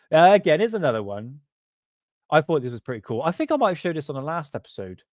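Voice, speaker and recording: A man's voice: fairly high pitch, very animated, moderate pace, dry recording, studio quality. Cheeky, rambling man on livestream. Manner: rambling, laughing, cheeky, swears freely. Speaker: host of a paranormal livestream. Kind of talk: casual livestream chat.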